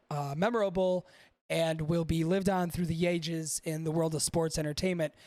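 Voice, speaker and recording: Creaky high-voiced profane podcast man. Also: dry recording, studio quality. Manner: profane, rambling, talks to chat. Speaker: podcast host. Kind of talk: casual livestream chat.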